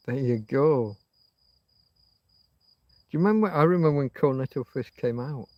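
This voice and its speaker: This middle-aged host, a Yorkshire native with a Yorkshire English accent, muses and meanders through a casual livestream chat, drifting between thoughts. His mid-range voice is gravelly at a normal pace, and the lo-fi recording has no room sound.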